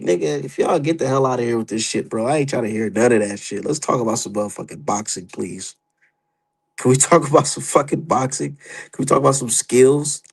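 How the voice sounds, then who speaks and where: A young adult man giving profane, heated, animated commentary as a boxing streamer. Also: fairly low pitch, vocal fry, husky, poor audio. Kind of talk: casual ranting commentary.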